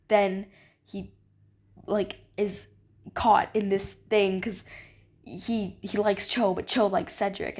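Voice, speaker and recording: A young woman vlogging, gushing and rambling with many fillers as she ranks her favorite books. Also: medium pitch. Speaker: book vlogger. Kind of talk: casual enthusiastic book ranking.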